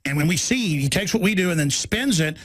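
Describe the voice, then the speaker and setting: A man hosting a radio talk show. He talks in rapid bursts that slow into drawn-out phrases, with halting restarts. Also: high-pitched, lively intonation, a bit bright, breathy edge, dry recording. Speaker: radio host.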